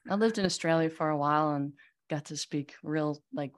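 A woman talks as a podcast guest, her voice sitting low in pitch. She tells stories in an animated way, with lots of back-and-forth chat. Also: brisk. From Netherlands. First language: Dutch. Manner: animated storyteller, lively anecdotes. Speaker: magazine CEO, podcast guest. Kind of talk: casual interview chat.

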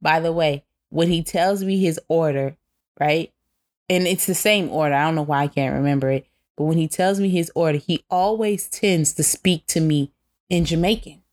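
A woman's voice: sits low, normal speed, darkish tone. A woman chatting casually, telling a story and addressing viewers directly. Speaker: co-host. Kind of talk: casual chat.

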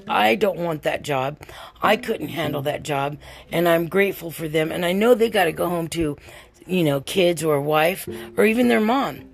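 A woman's voice: lowish voice, creaky. An older woman hosting a casual podcast monologue, telling a rambling, chatty story while tired and worn out. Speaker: podcast host.

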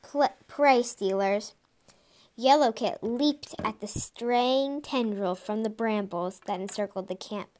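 A woman narrating a storybook in a soft, even reading voice, with the odd slip. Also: on the high side, a little slow, hardly any pauses, a little hiss or hum. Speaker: audiobook reader.

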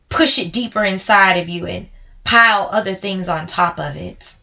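A woman with a bright, forward voice talks straight to her podcast listeners. She is blunt and emotional and calls them y'all, slowing right down on the heavy parts and then rushing ahead. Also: mid-range voice, gravelly. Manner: swings between slow and quick speech. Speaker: podcast host. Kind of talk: personal talk to listeners.

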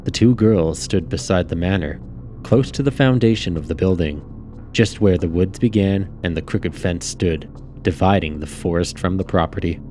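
A man calmly reading a story aloud as narrator. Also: sits low, normal speed, faint music behind.

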